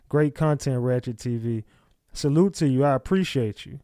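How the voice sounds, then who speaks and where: A man's voice: mid-range voice, measured pace, long pauses, dark tone, no room sound, studio quality. A man hosting a livestream, reading chat comments aloud and snapping back at viewers in blunt, profane casual talk. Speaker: livestream host.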